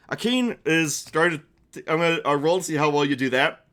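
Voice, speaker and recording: A man's voice: a little high, animated, fairly bright tone. Chatty young man running a game. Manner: chatty, quick asides, laughs at own jokes. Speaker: game master and streamer. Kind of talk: live-streamed tabletop game narration.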